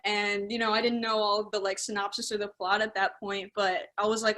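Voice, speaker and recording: A woman's voice: mid-range voice, fairly quick, hardly any pauses. A young woman co-hosting a podcast, chatting with enthusiasm about a musical. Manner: enthusiastic, speeds up when excited. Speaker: podcast co-host. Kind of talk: casual chat.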